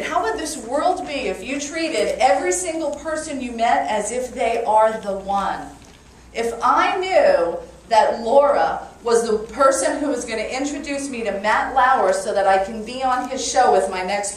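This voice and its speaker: A woman with a Brooklyn accent delivers an energetic motivational talk and pulls the audience into call-and-response. Her voice sits a little high. She is picked up from a distance in a very echoey room with a faint noise floor. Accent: New York (Brooklyn). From Brooklyn, New York. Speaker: motivational speaker.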